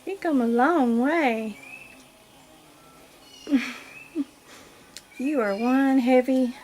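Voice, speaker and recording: Woman vlogger, high and unhurried, giggly and gushing, faint noise underneath. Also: darkish tone. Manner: gushing, giggly, talks to viewers and the doll. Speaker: doll collector vlogger. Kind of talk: casual unboxing vlog. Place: home nursery. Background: birds chirping.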